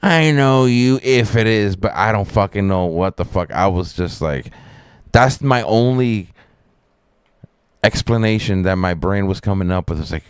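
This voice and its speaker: A man's voice: lowish voice, unhurried, clear, resonant tone, dry recording. A man streaming live, chatting in a rambling, laid-back, profane way. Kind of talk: casual live-stream chat.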